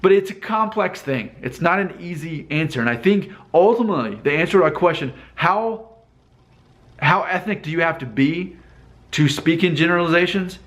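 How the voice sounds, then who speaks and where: A man's voice: on the high side, expressive, normal speed, a bit bright. A man talking casually to camera in a vlog, thinking aloud with rhetorical questions and restarts. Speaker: vlogger. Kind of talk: casual talking-head commentary.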